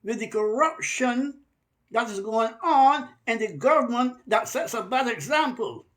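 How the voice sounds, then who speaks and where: Man from Barbados, high voice, fiery emphatic preacher who drags out stressed words. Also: expressive, fairly bright tone. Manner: emphatic, stretches key words slowly.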